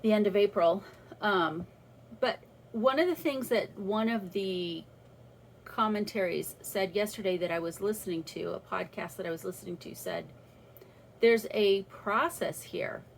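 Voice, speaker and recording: A woman's voice: mid-range voice, normal speed, creaky, a little hiss or hum, rough recording. A woman talking through a personal faith reflection in a casual, earnest way, with restarts as she thinks aloud. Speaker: vlogger sharing a faith reflection.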